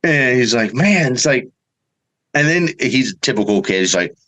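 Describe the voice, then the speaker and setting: A middle-aged man, a bowhunter guest, telling a story in a casual way and acting out the quotes with big jumps in pitch. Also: expressive, normal speed, fairly bright tone, rough recording.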